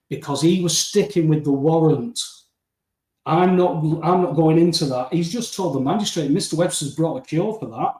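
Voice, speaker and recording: A man with an animated storytelling manner, acting out dialogue as a guest in a casual interview. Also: on the high side, normal speed. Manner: animated storytelling, acting out dialogue, often addressing the host by name. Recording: roomy, distant mic.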